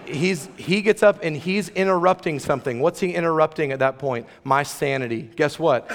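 A man's voice: fairly high pitch, a little fast, hardly any pauses. A man preaching a sermon as pastor, conversational and emphatic, with playful asides to the room. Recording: long reverb of a large hall.

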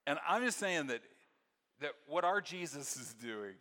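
A pastor delivers a sermon in a bright, forceful voice. He tells lively stories and then sinks into hushed, soft passages. The sound carries the long reverb of a large church hall. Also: a little high, measured pace. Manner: storytelling, swings from excited to very soft and hushed.

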